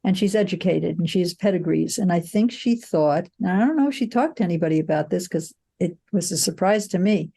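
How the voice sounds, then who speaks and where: A woman's voice: lowish voice, a little fast, vocal fry, hardly any pauses, warm tone, slightly rough. An older woman, a film producer, telling frank, reflective anecdotes in an interview. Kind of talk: conversational interview.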